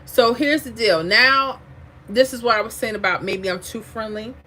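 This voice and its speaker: A woman hosting a lottery livestream, chatting casually, reading viewer comments aloud and drifting into animated asides. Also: a little high, moderate pace, a little hiss or hum.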